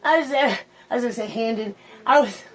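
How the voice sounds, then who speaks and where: A woman's voice: a little high, a little fast, low-quality recording. A woman hosting a casual story time, telling crude, rambling stories among friends. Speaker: host.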